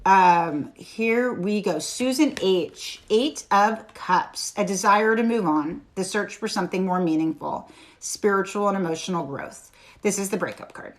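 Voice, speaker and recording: A woman's voice: mid-range voice, unhurried. A woman giving a live-stream tarot reading, reassuring and chatty with her viewers. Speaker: tarot reader.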